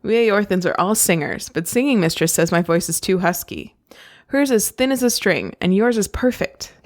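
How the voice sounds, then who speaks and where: A woman reading the lines of a gentle, kind young girl from a book, voicing her lightly. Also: mid-range voice, animated, normal speed, natural voice. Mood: tender.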